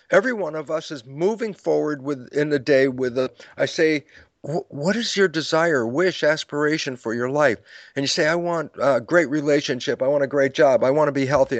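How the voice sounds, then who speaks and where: With a fairly high voice and no echo, an older man being interviewed explains concepts by telling stories. He performs scenes from his lectures, voicing quoted dialogue and laughing a lot.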